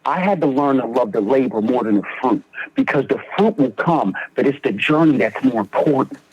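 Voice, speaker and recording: Brisk and expressive, a young man from Philadelphia, Pennsylvania describes his recovery in a podcast interview, voicing quoted dialogue as he goes. His voice is mid-range, and the dull lo-fi recording carries a little hiss or hum.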